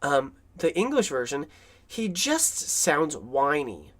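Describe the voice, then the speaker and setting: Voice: mid-range voice, big pitch swings, takes it slowly, fairly bright tone. A film commentator rambles through a casual voice-over. The talk is enthusiastic and full of fillers and restarts.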